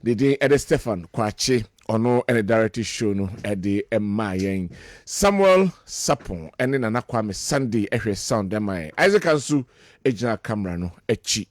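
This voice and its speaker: A man's voice: fairly low pitch, animated, moderate pace, no echo, studio quality. A Ghanaian man hosting a live radio panel discussion, moderating the guests with short acknowledgements and switching between Twi and English. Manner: moderating, keeps guests in line with short uh-huhs. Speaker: radio morning show host. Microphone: studio microphone.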